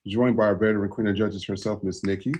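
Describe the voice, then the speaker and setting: A man's voice: fairly low pitch, fairly even intonation, fast, background noise. A man hosting a podcast in casual, loose conversation, talking over a video call setup. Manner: loose and conversational, with fillers and restarts. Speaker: podcast host.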